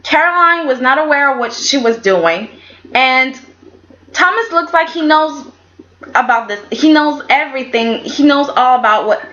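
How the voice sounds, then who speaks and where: In a muffled recording, a woman with a slightly high, somewhat bright voice casually reviews a soap opera episode. She's chatty and opinionated, often acting out the characters' lines in voices.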